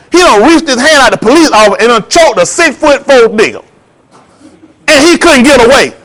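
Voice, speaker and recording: A man delivering a heated, preachy monologue in slangy street talk, swinging between loud jabs and low asides. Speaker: vlogger. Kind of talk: ranting commentary monologue.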